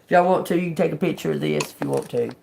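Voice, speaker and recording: A woman doing a live-stream tarot reading, musing slowly and repeating words as she reads them out, casual and given to swearing and laughing with viewers. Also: sits low, gravelly, darkish tone, a little hiss or hum. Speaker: tarot reader.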